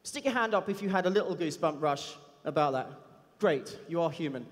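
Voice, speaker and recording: A man's voice: on the high side, brisk, slight background noise. A man giving a chatty, self-deprecating anecdotal talk on a conference stage. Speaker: conference speaker. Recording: long hall reverb.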